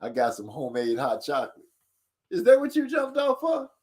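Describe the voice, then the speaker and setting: A man runs the chat on a casual live stream, reading viewer comments aloud and teasing them. His pitch swings up and down a lot and sits a little high. He laughs easily between lines. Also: huge pitch swings, moderate pace, darkish tone.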